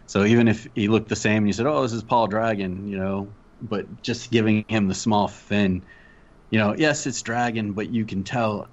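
Male co-host, deep-ish, quiet inquisitive chat; dull lo-fi recording. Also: fairly even intonation, moderate pace. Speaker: podcast co-host. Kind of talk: casual podcast chat. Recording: dull lo-fi sound.

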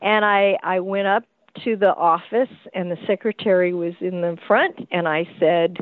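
A woman's voice: lowish voice, measured pace, no room sound. A woman recalling her early acting career as an interview guest, telling it animatedly with laughter and acted-out voices, heard over a tinny phone-like line. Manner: acts out quoted voices, frequent laughter, lively restarts. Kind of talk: animated anecdotal storytelling. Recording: tinny phone-like dry sound.

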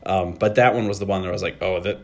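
A man co-hosting a podcast, chatting casually in a halting, rambling way with many restarts. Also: low voice, gravelly, darkish tone. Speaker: podcast co-host. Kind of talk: casual chat.

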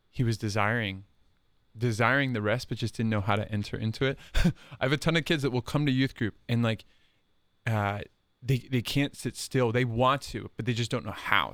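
A man's voice: mid-range voice, brisk, fairly bright tone, no room sound. A man, a religious brother who works in youth ministry, telling stories earnestly and repeating phrases for emphasis. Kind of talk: casual podcast conversation.

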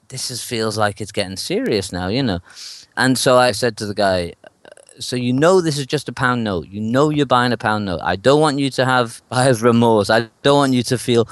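A man who works as a street performer tells an animated anecdote in an interview, acting out the voices of the people in it and laughing often. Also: mid-range voice, no room sound.

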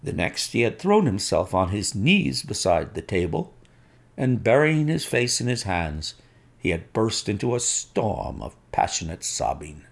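A man narrating a classic story in an expressive, unhurried way. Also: on the low side, gravelly. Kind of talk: storybook reading.

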